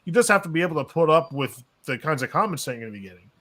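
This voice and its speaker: A man in a casual live stream chat giving quick advice and repeating words. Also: on the high side, lively intonation, fairly bright tone.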